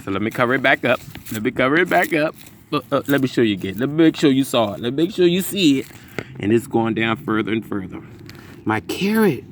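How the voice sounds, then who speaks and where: A man casually vlogging about his garden outdoors, talking excitedly to his viewers into a phone camera. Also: mid-range voice, fast, slight background noise. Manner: excitable, chatty, keeps saying "y'all".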